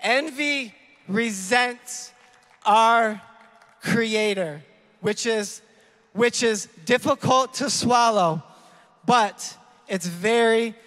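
A man preaching a sermon in a church, energetic and chatty, acting out people in a story and correcting himself as he goes. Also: extremely high pitch, drawn-out words, long pauses, in a large hall. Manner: energetic, acts out people in an illustration, rambling self-corrections. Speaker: youth leader preaching. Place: church hall.

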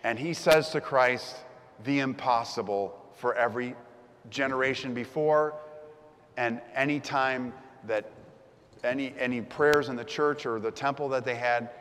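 A man's voice: medium pitch, unhurried, a bit bright, smooth, long reverb tail. A man preaching a sermon as the pastor, telling the story vividly and acting out the crowd's voices.

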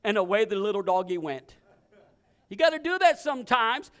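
A male pastor preaching with a very high voice, pressing his points hard and repeating phrases in quick bursts. He now and then breaks into shouted commands, and his tone stays sharp and bright. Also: sing-song, clean tone. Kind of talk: sermon.

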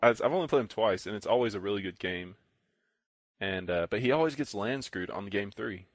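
Low-voiced young man telling a rambling story. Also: lively intonation, fairly quick, no room sound. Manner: rambling storyteller, acts out other players' lines. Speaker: podcast co-host. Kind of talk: casual chat.

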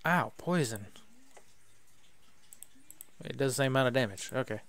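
A man's voice: medium pitch, animated, moderate pace, fairly bright tone. A man casually commenting on a video game as he plays, joking and muttering to himself. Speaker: gaming YouTuber. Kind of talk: let's play commentary.

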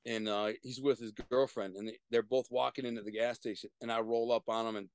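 A middle-aged man, a guest on a video-call interview, telling profane street stories in an animated way with sudden loud bursts. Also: mid-range voice, brisk, clean tone. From Detroit, USA. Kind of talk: casual storytelling.

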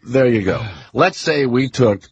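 Guy hosting radio, husky, swings his pitch all over, kinda dull muffled audio. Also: measured pace. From Louisiana. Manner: animated storyteller, breaks into quoted voices. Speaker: radio talk show host. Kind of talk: casual radio chat. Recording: muffled studio broadcast audio.

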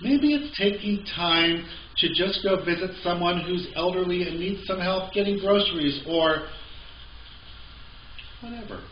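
A man's voice: high voice, measured pace, a little hiss or hum. A male pastor preaching a sermon in a conversational way with joking asides, in a church sanctuary. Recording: echoey, slightly dull church recording.

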